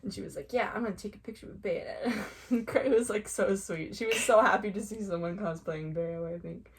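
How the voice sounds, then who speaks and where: A young woman telling stories casually, excitable and gushing, with squeals when she gets excited. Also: a little hiss or hum. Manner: excitable, quick swings into high squeals; gushing, heavy use of "like". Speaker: vlogger. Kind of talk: casual storytelling.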